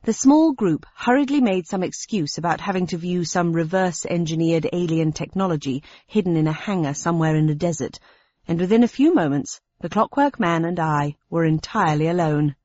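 A woman narrating a story in the first person, wry and steady. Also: on the low side, a little fast, no room sound. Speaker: audiobook narrator. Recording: dry, slightly dull lo-fi sound.

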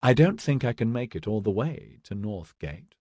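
A man voicing an injured young constable with a dry, deadpan manner. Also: fairly low pitch, moderate pace, breathy edge, no room sound.

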